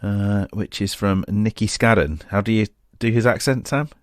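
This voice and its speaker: A man's voice: fairly low pitch, moderate pace, no echo, clean studio sound. A man co-hosting a podcast in easygoing casual chat, reading out listener questions. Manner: easygoing, reads out listener questions, calls the other "mate". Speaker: podcast co-host.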